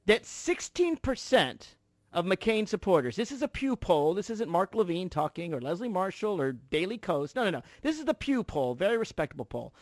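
A man's voice: sits high, dry recording. A man hosting a political talk radio show, delivering an emphatic, sarcastic monologue from a studio.

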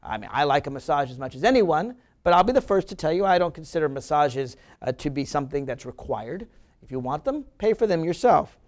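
A man's voice: a little high, sing-song, fairly quick, a little mellow. A man hosting a political talk radio show, delivering an emphatic, argumentative monologue that mocks his opponents.

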